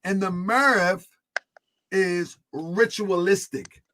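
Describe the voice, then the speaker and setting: A man giving a religious teaching, retelling a story in an animated way with many fillers. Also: high-pitched, drawn-out words.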